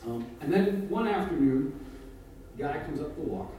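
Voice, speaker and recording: Storyteller, man, self-mocking and animated, a bit high; roomy hall sound, mic far off. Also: moderate pace. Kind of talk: live personal storytelling. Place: stage in a hall with audience. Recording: echoey hall, distant mic, audience noise.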